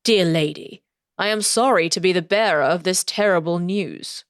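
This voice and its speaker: A woman voicing a courteous gentleman who delivers bad news formally and solemnly. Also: fairly low pitch, normal speed, smooth, no room sound, clean studio sound, close to an everyday voice. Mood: grave.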